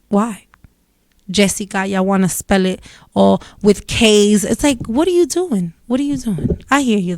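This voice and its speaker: This young vlogger, raised in a Dominican family in New York, swears freely and gets blunt as she rambles through a story to camera. Her medium-pitched voice comes through dry and studio quality.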